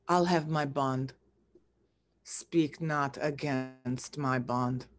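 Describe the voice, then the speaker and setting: A woman reading the part of a bitter male moneylender in an unrehearsed play reading, insistent, with sudden jumps in pitch. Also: very animated, slow, a bit bright. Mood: unyielding.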